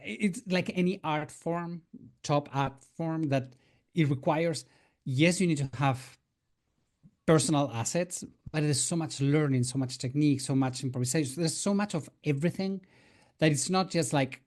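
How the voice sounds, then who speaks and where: A man's voice: on the high side, normal speed, darkish tone. A man co-hosting a podcast, speaking thoughtfully and searching for his words. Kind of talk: conversational interview.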